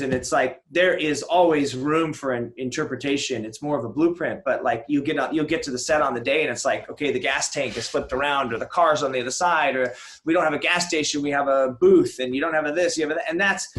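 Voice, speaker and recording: A film director, a man, guesting on a podcast and telling rambling, animated stories with plenty of swearing. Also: a little high, a little fast. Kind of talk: casual podcast interview.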